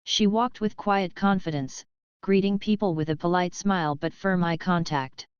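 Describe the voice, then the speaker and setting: A woman reading a dramatic story aloud in a steady, even narrating voice. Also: on the low side, moderate pace, smooth, no room sound. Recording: dry, slightly dull lo-fi.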